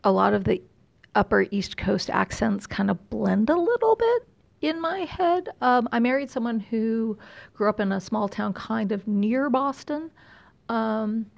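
A middle-aged woman from California with a slight Texas drawl chats casually, rambling with plenty of fillers and self-deprecating asides. Her slightly high voice is expressive and creaky, a little slow, and the audio is dull.

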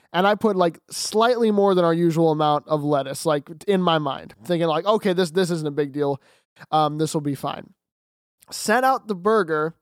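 A teenage boy chatting about his job, chatty and quick to laugh. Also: fairly high pitch, no echo, studio quality. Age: teens. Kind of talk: casual storytelling chat.

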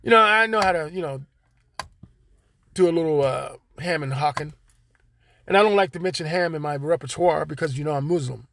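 A man's voice: a little high, fairly quick, gravelly, pauses often, a bit bright, no room sound. A man hosting his own podcast, rambling and joking in loose slang straight to his listeners. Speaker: podcast host. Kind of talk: casual solo monologue.

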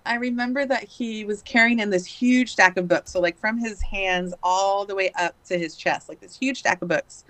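In a dry recording, a woman in her thirties talks at normal speed with hardly any pauses, her medium-pitched voice fairly bright. As a podcast guest she casually tells a long story, chatty and packed with fillers and "likes."

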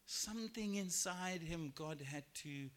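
A man preaching a sermon in church, lively and expressive, acting out biblical characters in raised voices. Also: a little slow. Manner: animated, acts out quoted voices with rising pitch and volume. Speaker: pastor. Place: church sanctuary.

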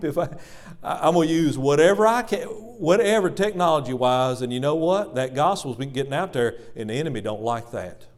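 A man preaching a sermon in church, dramatic and repetitive, calling the congregation folks. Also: on the high side. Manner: dramatic swings between loud emphasis and hushed asides. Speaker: pastor.

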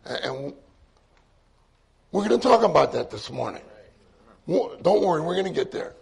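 Male church speaker, sermon anecdote, slightly high, raspy, relaxed conversational delivery. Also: normal speed. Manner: conversational anecdote with quoted dialogue and laughs. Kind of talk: sermon storytelling.

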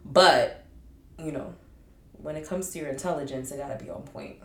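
A woman on a podcast, talking in a slightly low voice and ranting with lots of laughter. Her voice rings out in a roomy, echoey space. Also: moderate pace. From Haitian family. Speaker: podcast co-host. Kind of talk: casual chat. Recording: echoey room.

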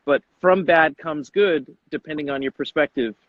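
A man's voice: a little high, normal speed, phone-quality sound, a little hiss or hum. A man hosting a casual interview, enthusiastic and slangy, often acting out quotes as he talks. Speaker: coach and podcast host.

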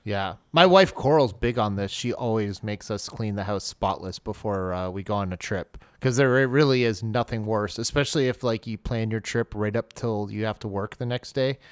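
A man's voice: lowish voice, normal speed, few pauses, clear, resonant tone, no room sound. A young man co-hosting a podcast, chatting casually and laughing at himself. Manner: self-deprecating, laughs at himself. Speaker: podcast co-host.

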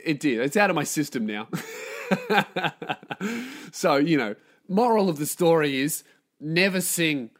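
A man hosts a solo podcast, ranting with plenty of swearing and sarcasm. His voice sits a little high for a man, and he keeps the tone informal. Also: a bit bright. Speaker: podcast host.

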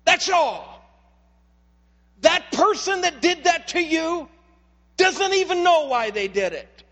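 High, bright-voiced preaching man. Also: big pitch swings, slow. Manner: earnest, repeats words as he builds, direct appeals to listeners. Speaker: lead pastor. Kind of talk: impassioned sermon. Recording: long reverb of a large hall.

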